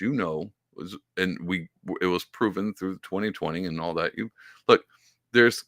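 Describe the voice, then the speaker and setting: A man's voice: sits low, no room sound, clean studio sound. A man hosting a podcast, reacting to a clip in casual commentary with mocking impressions. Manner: animated, mocking impressions, lots of fillers. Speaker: podcast host.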